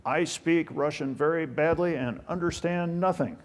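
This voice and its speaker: A man's voice: a little high, normal speed. Older american guy giving a talk, folksy jokes at his own expense. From United States. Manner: folksy, self-deprecating humor. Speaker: guest speaker. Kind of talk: storytelling talk.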